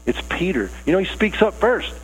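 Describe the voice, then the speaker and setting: A man's voice: high-pitched, very animated, fairly quick, breathy edge, rough recording. A man preaching a conversational sermon, earnest and casual with rising emphasis. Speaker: pastor.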